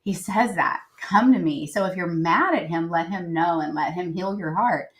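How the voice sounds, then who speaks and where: A woman's voice: on the low side, moderate pace, fairly bright tone, poor audio. A woman guest on a podcast, telling a personal story earnestly and reflectively, with many fillers. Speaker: guest, writer and editor.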